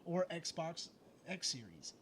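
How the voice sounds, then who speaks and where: A man's voice: fairly high pitch, very animated, slow pace, fairly bright tone, slight background noise. A man co-hosting a gaming stream, talking in a casual, argumentative way and swearing freely. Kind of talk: casual chat over gameplay.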